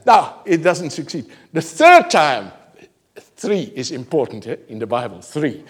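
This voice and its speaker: Male preacher, animated sermon, slow and husky, lively pitch swings. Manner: animated, laughs often, shifts from shouting to near-whispers.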